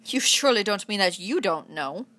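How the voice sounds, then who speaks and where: A woman voicing a cold, haughty aristocratic knight who speaks civilly but with clear superiority, in a storybook reading. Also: medium pitch, animated, moderate pace, pushed and bright.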